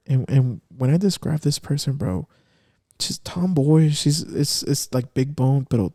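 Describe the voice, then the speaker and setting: Gravelly man telling a story. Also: a little high, moderate pace, warm tone, no room sound, studio quality. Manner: emotional storyteller, drops to near whisper when serious. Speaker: podcast co-host. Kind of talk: casual storytelling chat.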